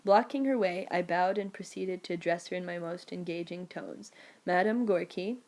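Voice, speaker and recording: Low-voiced woman narrating an audiobook. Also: normal speed, a little mellow. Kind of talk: scripted first-person narration.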